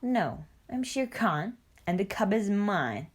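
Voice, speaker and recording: A woman voicing a greedy, menacing male tiger in a storybook, speaking slowly and demandingly. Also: mid-range voice, very animated, breathy edge, heavily acted. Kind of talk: storybook reading.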